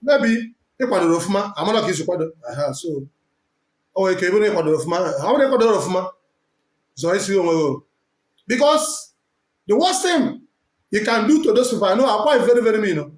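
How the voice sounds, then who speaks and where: A man with a Nigerian accent preaching forcefully as a prophet, switching between English, Pidgin and Igbo. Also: high-pitched, animated, fast. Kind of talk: preaching to camera. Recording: echoey room.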